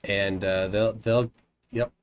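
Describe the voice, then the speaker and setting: A man's voice: fairly low pitch, steady tone, clear, resonant tone. A man hosting a live call-in stream in casual chat, often restarting his sentences and trailing into fillers. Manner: halting, with frequent restarts and fillers. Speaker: livestream host.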